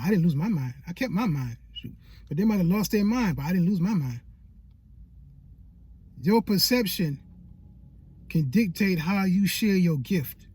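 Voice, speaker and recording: A man's voice: sits high, darkish tone, breathy edge, dry recording. A man giving a faith-based motivational talk as a YouTube coach, emphatic and repetitive like a preacher.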